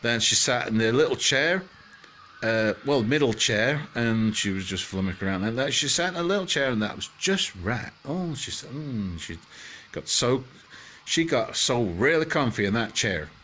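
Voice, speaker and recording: A man's voice: medium pitch, lively intonation, moderate pace, sharp tone, slight background noise. A man telling a bedtime story in a loose, chatty way, full of fillers and joking asides.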